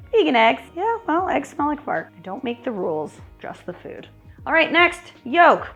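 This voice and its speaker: A woman's voice: fairly high pitch, vocal fry, fairly bright tone. A woman hosting a cooking show in her home kitchen, chatty and wry as she talks through each step. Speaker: cooking channel host. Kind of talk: casual cooking demonstration.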